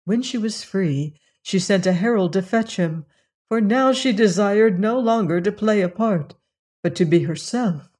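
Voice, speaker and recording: A woman storyteller hosting a show, reading a fairy tale in a calm, measured way. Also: medium pitch. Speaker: storyteller host.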